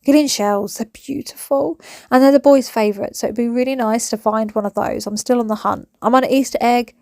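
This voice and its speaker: Chatty woman with a bright voice. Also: fairly high pitch, steady tone, a little fast, no echo, clean studio sound. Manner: chatty, ranting, self-mocking. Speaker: vlogger. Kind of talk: chatty cleaning vlog narration. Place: family home, kitchen.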